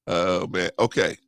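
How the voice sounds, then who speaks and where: A host with a slightly bright voice reads and jokes his way through scripture in casual comic Bible commentary, laughing often and preaching in bursts with sudden pitch jumps in his preachy storytelling. The studio-quality recording has no echo.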